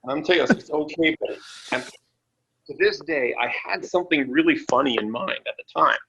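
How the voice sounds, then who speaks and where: Animated storytelling man, bright voice. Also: fairly high pitch, fairly quick, creaky, slight background noise. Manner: animated, acts out voices in his stories; swears freely. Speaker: wrestler guest. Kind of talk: casual storytelling. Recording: dull lo-fi podcast audio.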